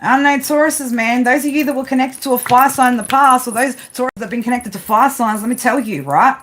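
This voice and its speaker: A woman's voice: high voice, quick pace, fairly bright tone. Blunt, scolding woman tarot reader. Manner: blunt, scolding, heavy swearing, repeats "right?". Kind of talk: profane tarot reading monologue. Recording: home recording with clear background noise.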